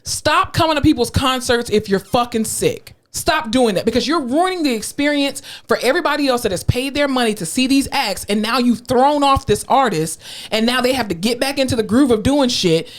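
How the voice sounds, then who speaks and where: A woman's voice: a little high, a little fast. A woman co-hosting a podcast in casual chat, ranting bluntly and swearing freely. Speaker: podcast co-host.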